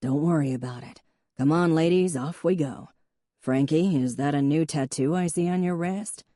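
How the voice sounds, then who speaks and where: A woman voicing an easygoing, kind adult man in a low, calm voice. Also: moderate pace, dry recording, studio quality, lightly acted.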